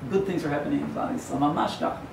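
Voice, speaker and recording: A man's voice: fairly high pitch, racing, creaky. A rabbi giving a sermon in a yeshiva hall, his slightly raised voice wandering through asides and jokes. He stands at a distance from the mic, so the voice rings in the room over a faint hum. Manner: digressive, joking storyteller.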